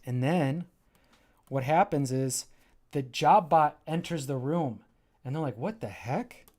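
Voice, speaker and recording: A man shows off his graphic novel on a casual livestream, eager and rambling, often stopping mid-thought to start over. He speaks a little slowly, his voice slightly high with a darkish tone.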